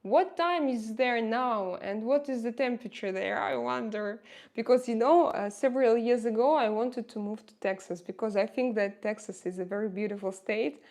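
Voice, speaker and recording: A woman with a Russian accent, a native Russian speaker, chatting casually with her livestream viewers, often pausing to search for English words. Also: a little high, darkish tone. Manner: hesitant, searching for words with many fillers. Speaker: livestream host reading viewer chat.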